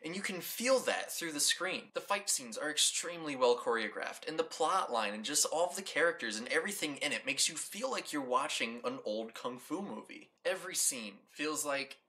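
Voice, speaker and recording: A young adult man from the United States hosts a casual movie review channel, talking enthusiastically and rambling with lots of repeated "like"s and restarts. His voice is a little high and sharp in tone, animated, at normal speed with few pauses.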